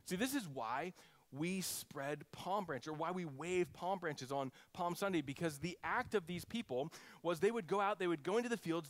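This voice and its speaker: A man preaching a sermon as pastor, animated and conversational, swinging between loud exclamations and hushed lines. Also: high-pitched, no room sound.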